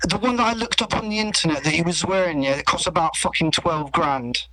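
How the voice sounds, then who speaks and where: A man's voice: on the high side, fairly quick, poor audio. A man in a confrontational, swearing street argument. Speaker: street debater. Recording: outdoor debate with a loud crowd.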